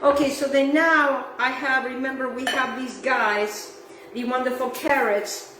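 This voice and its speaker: A woman's voice: sits high, fairly even intonation, measured pace, recorded from a distance. A woman hosting a home cooking demonstration in her kitchen, talking in a gushing, effusive way and now and then singing her words. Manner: effusive, gushing, sometimes sings phrases. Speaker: cooking show host. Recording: echoey room with faint background noise.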